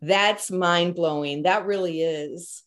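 Female host, lower register; affirming, quick to agree and cite scripture. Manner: affirming, frequent murmured agreement and scripture references. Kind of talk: faith-based interview.

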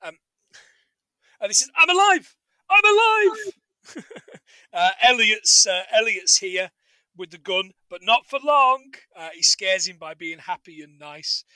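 This podcast co-host rambles and jokes through a laid-back film recap, performing quotes from the movie. He speaks a little slowly in a high-pitched, sharp yet clean voice. The audio is dry and of poor quality.

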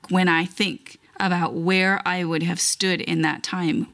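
A woman reading a long Bible passage aloud, then leading an earnest, measured spoken prayer. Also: lowish voice, gravelly, a bit bright. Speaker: scripture reader leading prayer.

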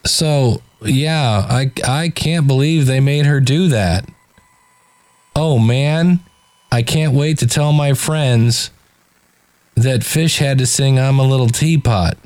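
Slow and darkish in tone, this man's medium-pitched voice carries his critical commentary over podcast clips he plays as host. He sounds sardonic and exasperated, stammering often as he begins sentences again.

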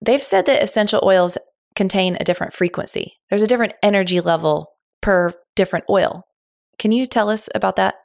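A woman's voice: mid-range voice, fairly quick, gravelly, no room sound, clean studio sound. A woman hosting an interview podcast, eager and smiling as she talks about a subject she loves. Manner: eager, smiling, self-described oil nerd. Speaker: podcast host. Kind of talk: enthusiastic interview chat.

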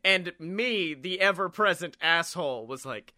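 Bright-voiced, joking male podcast host. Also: high voice, expressive, a little slow. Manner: crude, laughs often, jokey improv. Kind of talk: casual comedy chat.

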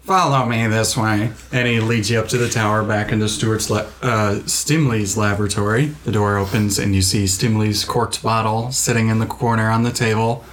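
A man narrating a tabletop game as game master, relaxed and descriptive. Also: fairly low pitch, normal speed, few pauses, slight background noise.

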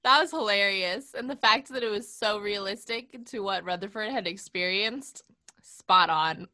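A woman's voice: mid-range voice, moderate pace, pushed and bright. A woman chatting casually as a podcast co-host, laughing often and reflecting on how an episode handles coping with stress. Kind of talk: casual chat discussing an episode.

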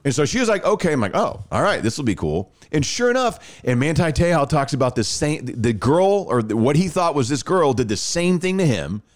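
A man's voice: a little high, a little fast, hardly any pauses. A man in his thirties casually telling a personal story on a podcast, acting out the dialogue. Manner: animated, acts out quoted dialogue.

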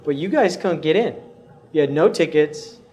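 A man's voice: on the high side, lively intonation, moderate pace, darkish tone. A man hosting a casual interview, filling in background and reacting to his guests. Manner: chimes in with short reactions and recaps. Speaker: host.

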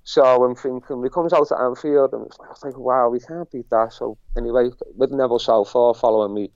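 A man's voice: medium pitch, fairly even intonation, brisk, darkish tone, no echo. A middle-aged man with a Liverpool accent, chatting rambly as an interview guest and repeating himself as he tells his story. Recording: dull lo-fi sound.

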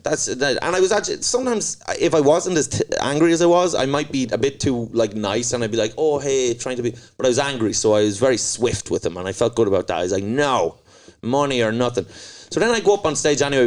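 Brief: man, comedian, swearing-heavy ranting storyteller, mid-pitched. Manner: profane, ranting, animated retelling. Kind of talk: casual storytelling chat.

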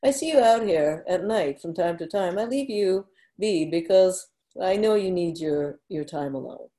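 Soft-spoken gentle male weaver, calm and amused, read by a woman; low, mellow tone. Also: a little slow.

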